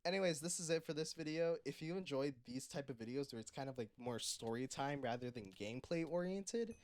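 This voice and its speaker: A man narrating a casual storytime about his job in a relaxed, rambling way, with fillers and little laughs. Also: on the high side, moderate pace, dry recording. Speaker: storytime video creator.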